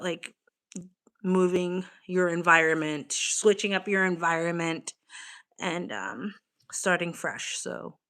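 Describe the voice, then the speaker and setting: A woman's voice: on the low side, bright, forceful tone. A young woman chatting casually on a livestream from home, swearing freely and reading the chat aloud. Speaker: live streamer. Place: home, evening.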